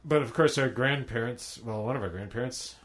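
A man's voice: medium pitch, a little fast, a bit bright. A man reminiscing in easygoing casual chat with his brother on a podcast. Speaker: podcast co-host.

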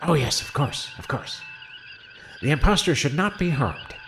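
A man's voice: a little high, lively intonation, measured pace, fairly bright tone, a little hiss or hum. A man voicing a fretful, scatterbrained male politician aboard a starship in a comedy audio play. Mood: rambling. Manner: whiny, rambling, easily distracted. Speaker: voice actor.

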